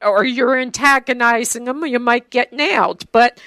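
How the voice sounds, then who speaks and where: A woman's voice: on the high side, moderate pace, a bit bright, no echo. A woman interviewing guests, chatty, and telling stories in a casual conversation. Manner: chatty storyteller.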